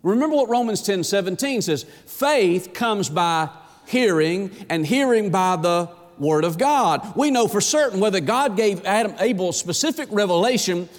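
A man with a high voice preaches a sermon with emphasis. He quotes scripture and throws rhetorical questions at his listeners. His words ring out with a long reverb in a big hall. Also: animated, normal speed.

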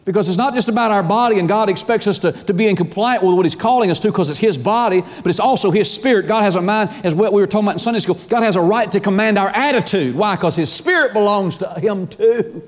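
A man's voice: sits high, fast, hardly any pauses, big-room sound. A man preaching a sermon as pastor, folksy and emphatic, his intensity rising and falling. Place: church sanctuary.

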